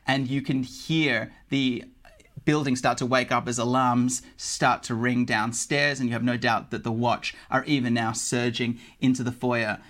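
A man running a tabletop game, narrating the scene in a measured, descriptive way. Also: mid-range voice, a bit bright. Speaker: game master.

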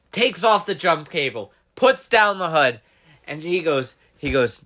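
A man's voice: on the high side, animated, measured pace, sharp tone. A man telling a funny story in casual chat, acting out the voices of the people in it and laughing often.

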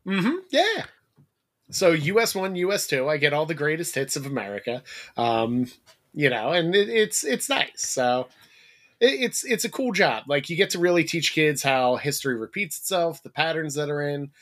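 A man from New Jersey, a schoolteacher, chatting as a podcast guest and telling stories with quick asides. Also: on the high side. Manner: animated storyteller, quick asides. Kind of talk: casual chat.

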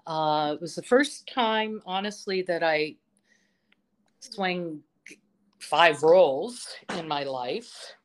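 A woman who teaches voice, chatting as an interview guest and telling stories with enthusiasm, often pausing on fillers. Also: fairly low pitch. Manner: enthusiastic storytelling, full of fillers. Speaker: vocal instructor, interview guest. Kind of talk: casual interview chat.

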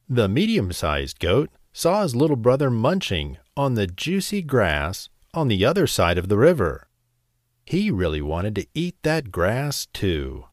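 A man narrating a bedtime story in a slow, expressive, gentle way. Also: fairly low pitch, no room sound, studio quality.

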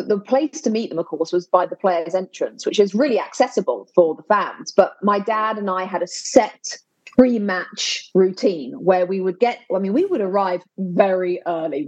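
A middle-aged English woman in a casual interview, telling lively, nostalgic stories and laughing often. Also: medium pitch, breathy edge, highs cut off. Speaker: sports broadcaster, guest. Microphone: video call.

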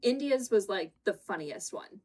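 A woman co-hosting a podcast chats casually about a reality show, her medium-pitched, slightly mellow voice lively in intonation and normal in speed. Giggly throughout, she recreates scenes with quoted voices, recorded at home in front of a green screen.

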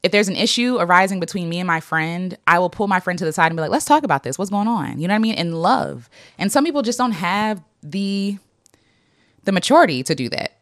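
A woman's voice: lowish voice, lively intonation, brisk, fairly bright tone, dry recording, studio quality. A woman vlogger reading affirmations to her inner child and reflecting openly, laughing often and talking casually with many fillers.

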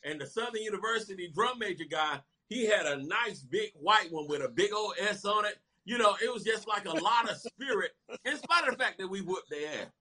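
A man in his fifties, a guest telling stories in lively casual chat. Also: high voice, fairly quick, slightly rough. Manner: animated, lively storytelling with laughter.

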